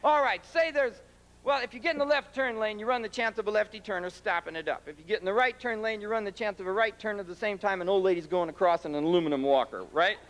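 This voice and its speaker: A man's voice: high voice, quick pace, fairly bright tone. A man doing a stand-up comedy set, talking brashly and ranting with profanity in front of a live audience in a large concert venue. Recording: live concert tape with crowd noise. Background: laughing crowd.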